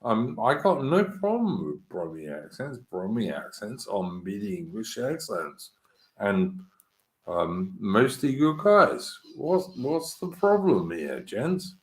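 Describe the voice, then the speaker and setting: Host, male, lowish voice, blunt and matey with casual swearing, roomy echo. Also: big pitch swings, slow pace. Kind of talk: casual chat.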